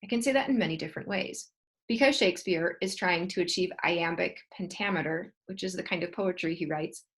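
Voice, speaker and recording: Woman teacher reading from the textbook then breaking it down, calm explainer, voice sits a bit low. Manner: steady explanatory delivery with asides and rephrasing.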